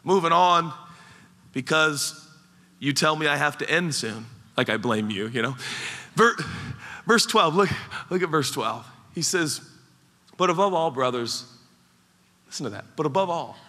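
A man preaching a sermon as pastor, animated and playful, acting out mock voices as he goes. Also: on the high side, a little slow, pauses often. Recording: large hall with long reverb.

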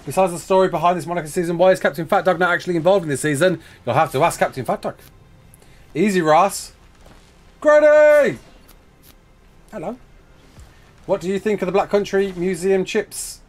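Talking fast in a high voice, a young man streams himself playing a building game. He chats loosely, reads out viewer messages, and walks himself through every step.

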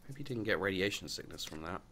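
Man, gamer, very deep voice, lively up-and-down delivery, casual commentary, mutters and swears at the game. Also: fast talker, a little hiss or hum. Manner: mutters and exclaims to game characters, swears freely. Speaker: let's play gamer.

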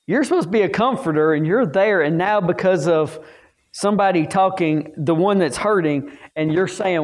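A man's voice: high-pitched, expressive, normal speed. A man teaching a Bible lesson to staff, folksy, asking the class questions and answering them himself.

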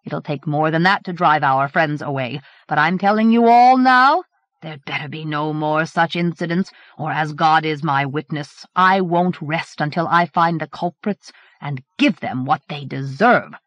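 A woman's voice: low-pitched, unhurried, fairly bright tone, no room sound. A woman reading the lines of a stern male headmaster in a cold, threatening tone, from a dull 1980s cassette recording. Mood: icy threat. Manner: cold, clipped delivery.

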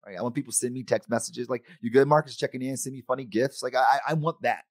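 A middle-aged man giving a conference keynote, animated and acting out the voices of friends and himself. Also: mid-range voice, quick pace, dry recording, clean studio sound. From United States. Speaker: conference speaker. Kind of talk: keynote talk.

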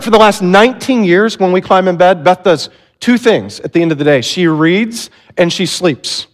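A man in his forties preaching from a stage, self-deprecating and asking the audience questions. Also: a little high. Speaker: pastor. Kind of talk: sermon. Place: large hall on stage. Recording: long hall reverb.

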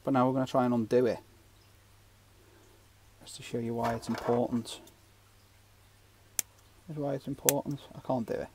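A man's voice: medium pitch, little pitch movement, normal speed, long pauses, background noise. A man giving a casual, rambling fishing knot tutorial with jokey asides. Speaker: fishing channel host.

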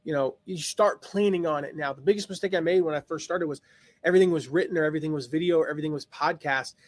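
Higher-voiced man hosting a live lesson. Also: quick pace, dry recording. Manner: rambling, thinks aloud with many restarts. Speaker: host.

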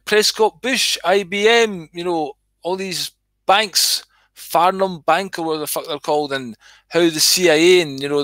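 A man's voice: on the high side, a bit bright, dry recording. A man telling a comic story and chatting, sweary and rambling. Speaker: host reading his own comedy skit.

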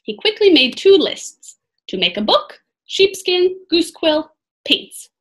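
A woman reading a children's chapter book aloud, dramatic and lively, who stops for chatty asides about the story. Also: very high voice, slow pace. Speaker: reader.

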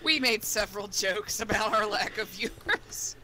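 Woman from the American South, dry teasing banter, casual gameplay chat, bright crisp tone. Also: medium pitch, normal speed, a little hiss or hum. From southern United States. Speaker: co-host of a gaming channel.

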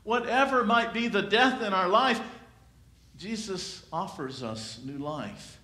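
A pastor preaching a sermon in a church, with a slow, dramatic delivery that swells and then drops to a hush. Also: male voice, high voice, lively intonation. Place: church sanctuary. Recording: echoey church room.

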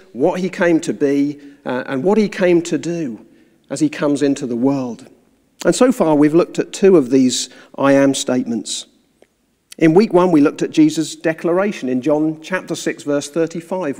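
A man preaching a sermon, telling a story in a measured, earnest way before moving into the sermon itself. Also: on the high side, darkish tone. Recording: reverberant hall sound.

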